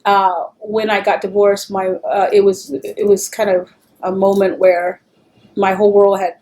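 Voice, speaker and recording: A middle-aged woman telling stories in an oral history interview, animated and acting out the voices she quotes. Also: mid-range voice, unhurried.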